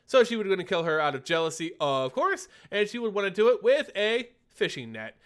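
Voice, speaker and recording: A young man chats through a relaxed live stream, answering his viewers one question after another. His voice sits a little high for a man and is slightly phlegmy. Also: fairly quick, few pauses. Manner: chatty, reads and answers chat questions. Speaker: streamer host. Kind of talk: casual live-stream chat.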